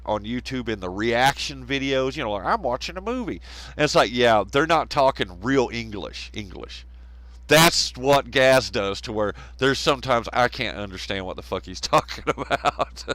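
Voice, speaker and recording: With a fairly bright, mid-range voice, a man from the Southern United States hosts a live stream, chatting in a rambling way while swearing, laughing, and mockingly impersonating others in his Southern American accent. The low-quality recording has no echo.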